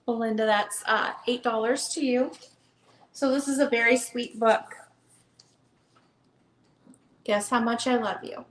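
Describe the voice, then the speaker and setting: A woman's voice: a little high, fairly even intonation, a little slow, long pauses. A woman hosting a live online book sale, chatty and upbeat, calling out bids. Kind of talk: casual live auction chat. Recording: echoey room.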